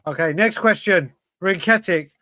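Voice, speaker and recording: A man with a high voice co-hosts a football fan show, reading viewer questions aloud. He talks in an earnest, chatty way, and the recording is dry and close. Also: moderate pace, sharp tone, no room sound. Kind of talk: casual football chat.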